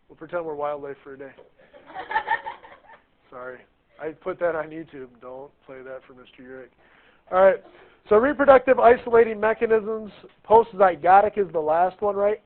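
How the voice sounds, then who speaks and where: A man teaching a biology class, chatty and jokey, often asking the students questions. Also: a little high. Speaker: high school biology teacher. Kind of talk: classroom lecture. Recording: tinny lo-fi classroom recording.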